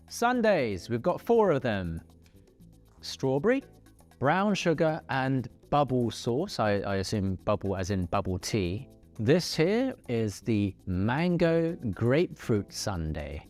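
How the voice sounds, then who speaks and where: A man hosting a casual food review, playful and animated as he describes each dish. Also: medium pitch, takes it slowly, faint music behind. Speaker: food show host.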